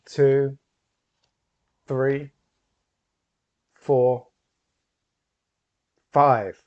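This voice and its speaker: A man voicing a theatrical male stage hypnotist, a grandiose showman who booms and draws his words out. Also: steady tone, muffled recording, background noise. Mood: commanding. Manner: booming, drawn-out, commanding showman delivery.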